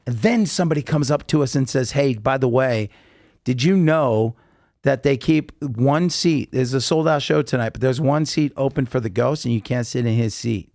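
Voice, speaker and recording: Male podcast guest, mid-pitched, animated storyteller, dry close recording. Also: moderate pace, vocal fry, no echo. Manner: animated storyteller acting out quotes. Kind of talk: casual chat, storytelling.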